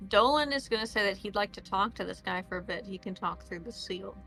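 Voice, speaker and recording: A woman's voice: mid-range voice, brisk, gravelly, sharp tone, poor audio. A woman playing a tabletop game, chatting casually and playfully. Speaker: player.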